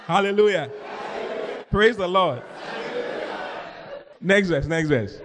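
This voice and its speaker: A man, a pastor preaching a sermon, telling stories with lively mimicry of voices and frequent laughter. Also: high-pitched, slow, long pauses, a faint crowd. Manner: animated storytelling, mimics voices, laughs often.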